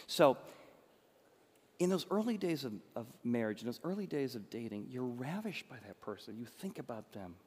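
Man, pastor, sermon, passionate, soft to emphatic, mid pitch, long reverb. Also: lively intonation, brisk.

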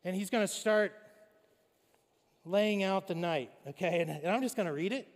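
A man's voice: high-pitched, normal speed, big-room sound. A man preaching a sermon, speaking conversationally and with animation, addressing the congregation directly. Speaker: pastor.

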